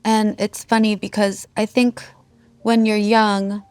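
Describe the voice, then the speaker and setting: A woman's voice: mid-range voice, flat delivery, slow, darkish tone, clear, resonant tone, no echo, soft background music. A woman in her thirties, a musician, candidly telling a raw personal story, heartfelt and swearing freely. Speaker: guest musician.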